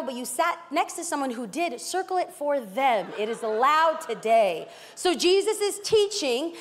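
A woman pastor from East Los Angeles preaching a sermon, emphatic and dramatic with playful asides. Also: high-pitched. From East Los Angeles, California. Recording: long hall reverb.

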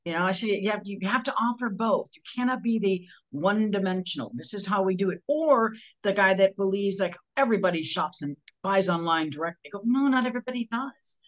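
Fast-talking animated woman. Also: medium pitch, dull audio. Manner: fast, animated storytelling, acts out customers. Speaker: sales trainer guest. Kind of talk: casual conversation.

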